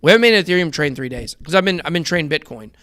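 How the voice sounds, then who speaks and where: A man's voice: fairly high pitch, lively intonation, racing, bright, forceful tone, no room sound. A man in his thirties hosting a casual trading show, rambling through charts and talking straight to his viewers. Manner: rambling, conversational, addresses viewers as guys. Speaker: crypto trading show host.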